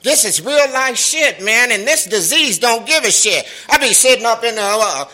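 A middle-aged man with a very high voice tells his recovery story at a meeting at normal speed. He speaks African American Vernacular English, animated and streetwise, cursing and laughing, on a rough recording.

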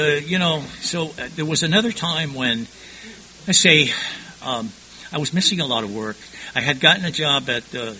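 A man's voice: medium pitch, pushed and bright, slight background noise, rough recording. An older man frankly recounting his past in a rambling personal testimony, often stumbling and repeating words.

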